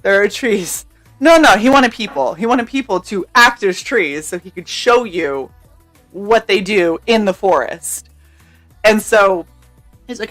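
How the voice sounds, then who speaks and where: A young woman telling a story on a live stream, animated and loose, laughing between lines and swearing without a second thought. Her voice sits at an ordinary middle pitch for a woman, with faint music playing softly behind her. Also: measured pace. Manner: animated, laughing, swears freely, acts out quotes. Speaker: streamer co-host. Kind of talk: casual storytelling chat.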